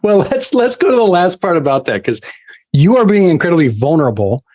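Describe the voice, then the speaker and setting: A man's voice: sits high, sing-song, fairly quick, darkish tone. A man hosting a podcast, asking questions in a conversational way with hesitant repeats. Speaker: podcast host. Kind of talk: interview questions.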